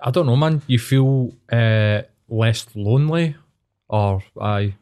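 A man's voice: medium pitch, slow pace, mellow, clean tone. A Scottish man co-hosting a podcast, talking in a supportive, earnest way and laughing often. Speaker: podcast co-host. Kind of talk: casual chat.

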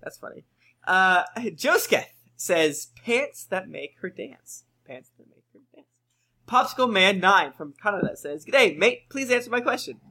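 Lively bright-voiced man reading reviews. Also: high-pitched. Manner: jokey, reads aloud with playful emphasis. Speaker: podcast co-host reading listener reviews. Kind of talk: casual chat among friends.

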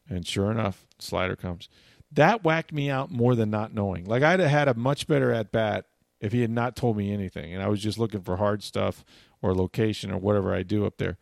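Gravelly low-voiced man telling stories. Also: brisk, dry recording, studio quality. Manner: storytelling, animated anecdotes. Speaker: co-host, former player turned broadcaster. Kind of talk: casual sports talk.

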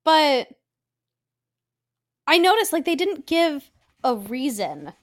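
A woman's voice: high-pitched, big pitch swings, slow. A young adult woman co-hosting a podcast, reacting animatedly to a movie with jokes and frequent swearing. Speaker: podcast co-host. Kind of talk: casual movie discussion.

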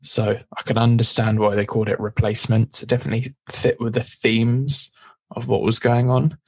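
A man's voice: mid-range voice, level tone, moderate pace, darkish tone. A man co-hosting a casual podcast, recapping an episode with a chatty, easygoing manner and frequent laughs. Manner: chatty, laughs often, does brief voices. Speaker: podcast co-host.

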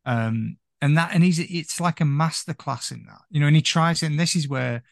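A man with a gravelly, creaky edge to his mid-range voice rambles through film talk as a podcast guest, leaning on "you know" constantly. The recording is dry and close. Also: a little high, normal speed, dry recording. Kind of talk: casual film chat.

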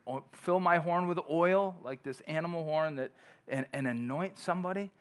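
A pastor's sermon, given conversationally by a man with a fairly high, clean voice at a moderate pace. He frequently restarts and reads long scripture passages aloud.

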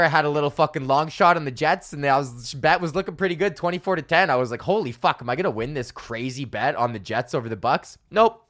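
A man's voice: mid-range voice, fairly bright tone, smooth. A young man, a stand-up comedian, ranting casually and sarcastically, swearing often and sounding exasperated. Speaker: podcast host and stand-up comedian.

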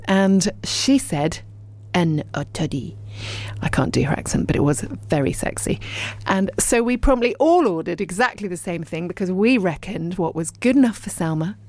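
A woman's voice: fairly low pitch, dry recording. A middle-aged woman presenting a chatty local radio show from the studio, bubbly and talkative. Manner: bubbly, chatty, warm asides. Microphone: studio microphone.

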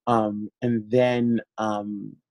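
A man being interviewed, telling a long story in an animated way, laughing often and using lots of fillers. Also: fairly low pitch, drawn-out words, no room sound, low-quality recording. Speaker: guest. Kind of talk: casual interview chat.

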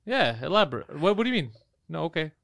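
A man's voice: a little high, fast, creaky, dry recording. A man co-hosting a podcast, telling stories with lots of swearing and acting out what others said in casual banter. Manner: animated storytelling, acts out quotes, swears a lot. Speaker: podcast co-host.

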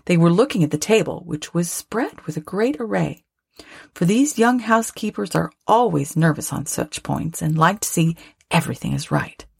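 A woman narrating a classic story aloud with expressive, lively phrasing. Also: on the low side, normal speed, creaky, slightly rough, no room sound, studio quality. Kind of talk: storybook reading.

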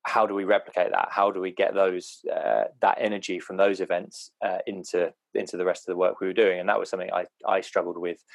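A man's voice: deep voice, level tone, fast, vocal fry, hardly any pauses, no echo. A man who is a guest on a podcast, recounting how he first got involved. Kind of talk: casual podcast chat.

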